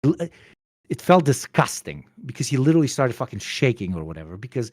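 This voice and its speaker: A man's voice: mid-range voice, sing-song, fairly quick, slight background noise. A young man chatting on a stream, telling a story in a loose, rambling way with lots of swearing and fillers. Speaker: stream guest. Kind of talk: casual storytelling chat.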